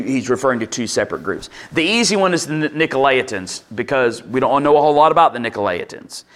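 A man's voice: medium pitch, a bit bright. A man preaching a conversational sermon to his congregation, with asides and restarts, acting out quoted lines in a livelier voice. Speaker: pastor.

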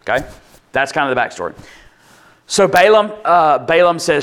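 Conversational man preaching, slightly high voice. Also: lively intonation, normal speed, fairly bright tone, clean tone. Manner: conversational, with asides and restarts. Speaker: pastor. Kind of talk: sermon.

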